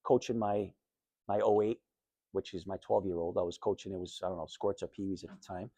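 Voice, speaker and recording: Low-voiced man telling his story, dry sound. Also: steady tone, fairly quick, gravelly, mellow, breathy edge, dry recording. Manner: candid storytelling, plain and conversational. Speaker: guest speaker telling his life story. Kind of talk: personal talk to high school students. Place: school classroom.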